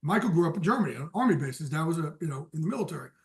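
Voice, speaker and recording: A man guesting on a sports podcast, telling an animated anecdote and laughing often as he goes. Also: on the high side, very fast. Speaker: guest football insider.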